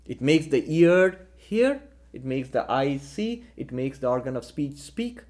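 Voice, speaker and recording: A man teaching a philosophical lecture in a measured way, posing rhetorical questions to his listeners. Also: mid-range voice, big pitch swings, a little mellow. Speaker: spiritual teacher.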